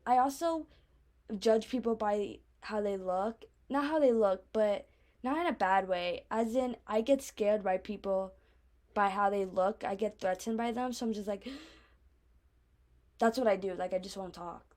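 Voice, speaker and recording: A woman's voice: medium pitch, moderate pace, a little mellow. A young woman from Arizona with a speech impediment, telling personal stories in a casual, rambling vlog. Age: young adult. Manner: chatty, lots of "like" and restarts, acts out her own reactions. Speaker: vlogger.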